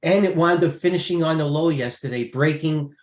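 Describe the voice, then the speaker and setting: A man's voice: a little high, fairly quick, reverberant. A man trading live, talking through his positions in a rambling way, restarting his sentences and thinking aloud. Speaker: trader.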